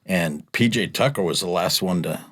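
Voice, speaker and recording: A man's voice: moderate pace, breathy edge, no room sound, clean studio sound. A middle-aged man telling work stories in casual chat, acting out what people said in a raised voice. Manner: animated storyteller, acts out quotes in a much higher voice. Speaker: guest, UPS delivery driver. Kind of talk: casual storytelling in a podcast chat.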